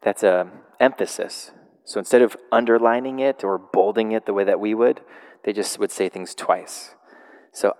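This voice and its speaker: A man's voice: lowish voice, normal speed. Man preaching in a reverberant hall. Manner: casual, animated storytelling with laughs. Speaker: pastor. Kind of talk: sermon.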